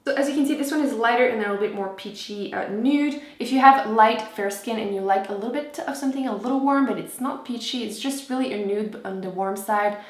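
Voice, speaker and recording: A woman's voice: fairly high pitch, brisk, few pauses, roomy sound. A young woman chatting enthusiastically through a makeup review, with lots of fillers and asides. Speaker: beauty vlogger. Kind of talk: casual product review.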